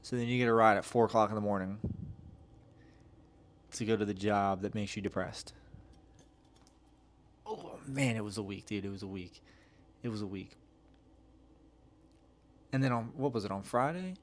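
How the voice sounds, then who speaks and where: A man rambles through stories on his solo podcast in a lowish voice. He talks in loose, slangy runs full of swearing and filler. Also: moderate pace, long pauses, a little hiss or hum. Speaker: podcast host. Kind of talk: casual solo podcast rant.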